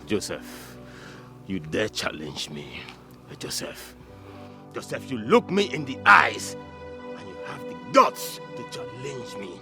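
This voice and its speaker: Threatening Nigerian elder brother, bright tense voice, animated, film music behind. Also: male voice, on the low side, takes it slowly, heavily acted. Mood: scornful. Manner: threatening, mixes in Igbo. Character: menacing elder brother Patrick, called evil man.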